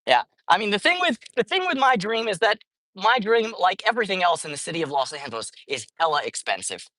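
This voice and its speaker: A woman's voice: medium pitch, big pitch swings, fairly quick, a bit bright, no echo. A woman talks off the cuff through a livestream as she feeds street cats outdoors. She rambles, stops mid-phrase and corrects herself. Her voice sounds close and dry, with no room around it. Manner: rambling, self-correcting, chatty. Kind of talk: casual livestream chat. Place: outdoors at a street cat feeding spot.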